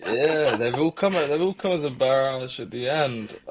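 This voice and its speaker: A young adult man from England with a Coventry accent speaks at a moderate pace in a medium-pitched voice with lively intonation, and there's a little hiss or hum. He's an interview guest in a reflective conversation, talking earnestly and often repeating words as he thinks aloud.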